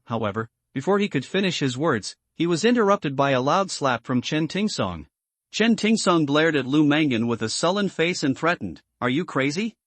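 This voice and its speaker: A man narrating a story recap in a steady, even reading voice, reading the characters' lines without putting on voices. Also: fairly high pitch, dry recording.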